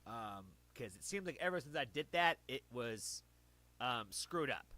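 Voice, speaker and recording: A man's voice: medium pitch, expressive, a little slow, bright, forceful tone. A man casually chatting to viewers on a livestream, rambling and correcting himself while he talks close into his own streaming mic. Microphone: own streaming mic, adjusted close.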